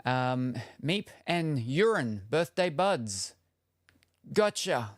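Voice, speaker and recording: A man's voice: mid-range voice, very animated, extremely slow, dry recording, clean studio sound. A young man live-streaming from home, chatting casually and playfully, reading out viewer names and messages with many fillers. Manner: rambling, playful, reads chat messages aloud.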